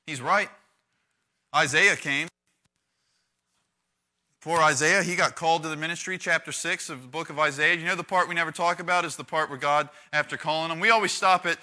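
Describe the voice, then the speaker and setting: A youth pastor preaching to a room of young people, a man with a fairly high, very bright and forceful voice. He keeps it conversational and jumps between quiet asides and loud, dramatic readings. He acts out the lines he reads with real energy. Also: moderate pace. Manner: animated, conversational, acts out quotes with big swings in volume. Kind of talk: lively preaching to a youth group.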